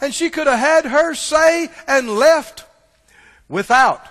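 A male preacher delivering an animated sermon and calling for answers from the congregation. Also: extremely high pitch, slow pace. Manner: animated, calls for responses from the congregation. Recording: long church-hall reverb.

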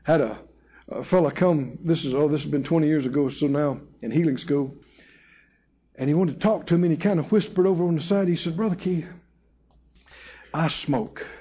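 A man preaches to a live congregation in a church hall, emphatic and call-and-response, stretching out key phrases and voicing quotes as he tells stories. His voice is fairly high, dark, and slightly rough, his pace quick, and the recording sounds muffled.

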